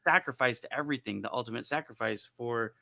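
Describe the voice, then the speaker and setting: A man hosting a panel discussion, joking and telling animated stories with quoted voices. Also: medium pitch, a little fast, creaky. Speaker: panel host.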